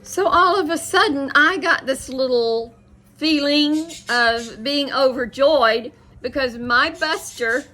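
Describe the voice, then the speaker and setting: A woman's voice: a little high, bright, forceful tone, a little hiss or hum. A middle-aged woman who hosts a casual chat, telling a rambling story full of quoted dialogue. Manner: chatty, rambling, with many restarts and quoted dialogue. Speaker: host.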